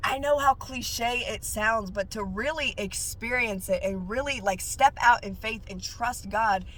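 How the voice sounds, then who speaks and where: A woman who works as a nail technician, sharing her faith testimony in a casual, animated way that jumps up high whenever she gets excited. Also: a little slow, slight background noise.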